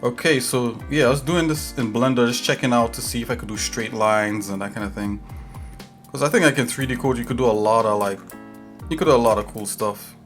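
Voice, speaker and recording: A man's voice: mid-range voice, a little fast, soft background music. A man hosting a casual livestream as a game developer, talking in an easygoing, rambling way with lots of fillers.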